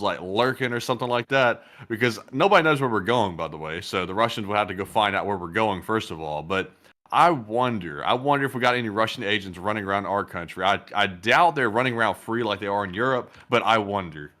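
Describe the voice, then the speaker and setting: A man's voice: fairly low pitch, a little fast, bright, forceful tone. A man co-hosting a live stream, reading out donations and joking, acting out little quotes. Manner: jokey, reads donations, acts out quotes. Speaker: co-host of war news stream. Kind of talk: casual live-stream chat.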